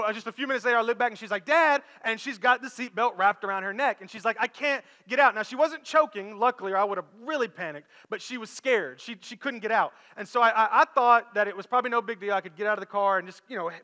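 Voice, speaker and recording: A middle-aged man, preaching a sermon and telling a story in a loose, conversational way that climbs to animated peaks. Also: high voice. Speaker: pastor. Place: church sanctuary. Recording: long reverb of a church hall with faint music.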